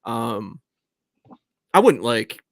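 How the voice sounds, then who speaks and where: A man's voice: mid-range voice, very animated, extremely slow, fairly bright tone, dry recording. A man co-hosting a podcast in casual chat, rambling with plenty of filler words. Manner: rambling, heavy use of filler "like". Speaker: podcast co-host.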